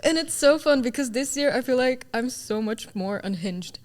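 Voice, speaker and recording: A young woman chatting as an interview guest about her stage roles, bubbly and quick to laugh as she tells her stories. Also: sits high, animated. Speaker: guest, student actor. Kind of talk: casual interview chat.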